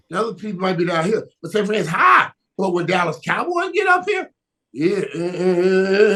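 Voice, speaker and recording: Guest spot: excitable high-pitched man, repeats himself, punches words hard. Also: moderate pace. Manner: emphatic, repeats words, shouts for emphasis, laughs often. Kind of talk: animated sports talk.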